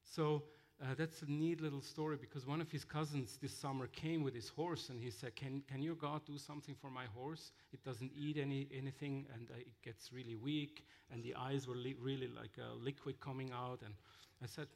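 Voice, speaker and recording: Gravelly man telling mission stories. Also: medium pitch, steady tone. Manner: halting, with many fillers and restarts. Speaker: missionary speaker. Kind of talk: sermon-style storytelling.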